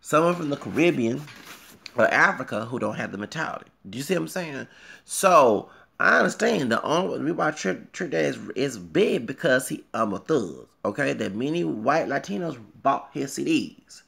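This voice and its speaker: Man vlogger, mid-range pitch with a lot of fry, rambling and forceful rant that keeps checking in with "okay?". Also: expressive, moderate pace. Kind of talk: ranting video commentary.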